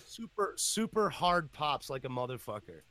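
A man hosting a casual podcast, excitable and profane, jumping between topics. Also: a little high, moderate pace. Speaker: podcast host.

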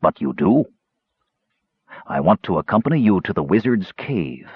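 A man voicing a mysterious, well-read male stranger who speaks slowly and in a measured way. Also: low voice, big pitch swings, breathy edge, no room sound, lo-fi sound, heavily acted. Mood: calm.

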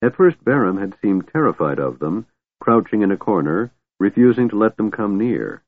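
A man narrating a fantasy novel in a steady, measured way, recorded dry with a narrow phone-like sound. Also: on the low side, no room sound. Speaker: audiobook narrator.

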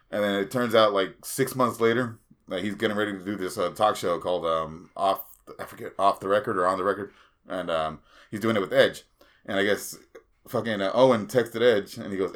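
Speaking fairly quickly in a fairly low register, this male podcast host keeps things casual. His stories run long and wander, loaded with filler words and plenty of cursing.

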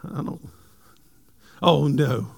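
A pastor preaching to his congregation in a notably high voice. He tells animated, humorous stories and then moves into reading scripture. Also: drawn-out words, gravelly. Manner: animated storytelling, jokes with the congregation.

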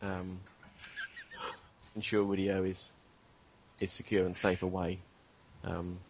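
A man's voice: low-pitched, flat delivery, takes it slowly, noisy background. A man speaking persuasively and hesitantly, playing his character in a tabletop role-play game. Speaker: player.

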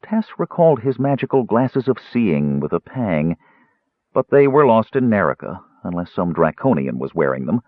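Guy narrating a fantasy book, lively tone, kinda husky, tinny phone sound. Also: on the low side, normal speed, no room sound. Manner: expressive storytelling. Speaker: audiobook narrator.

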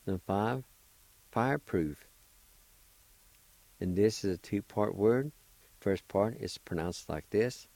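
A man's voice: fairly low pitch, unhurried, pauses often, warm tone, no room sound, low-quality recording. A middle-aged man, patiently spelling and sounding out words in a radio language lesson. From Oklahoma, US. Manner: encouraging. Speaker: language teacher and radio host.

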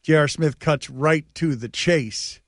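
Radio host guy, lively and joking, slightly high voice, dry studio mic. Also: slow pace, no echo. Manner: animated, laughing, storytelling. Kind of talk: casual sports talk radio.

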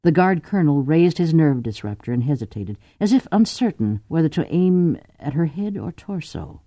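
Male narrator, measured dramatic read, warm and dry. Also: fairly high pitch, big pitch swings, no echo. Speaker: audiobook narrator. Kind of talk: scripted narration.

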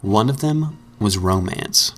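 A man's voice: fairly low pitch, lively intonation, slow pace, fairly bright tone, soft background music. A man hosting a casual comedy podcast, reading out odd news items and laughing easily. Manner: reads news items, laughs often, easygoing. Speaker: podcast host.

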